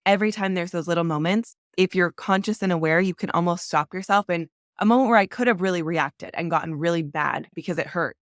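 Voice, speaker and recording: A woman's voice: lowish voice, a little fast, hardly any pauses, no room sound, studio quality. Podcast guest, woman, heartfelt and candid, filler-heavy casual speech, clean resonant tone. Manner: earnest and emotional, many "like" fillers. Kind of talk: candid conversational interview.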